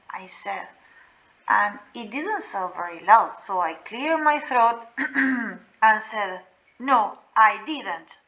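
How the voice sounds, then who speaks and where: A woman reading a novel aloud in a slow, deliberate way. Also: fairly high pitch, bright, forceful tone, highs cut off. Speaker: reader.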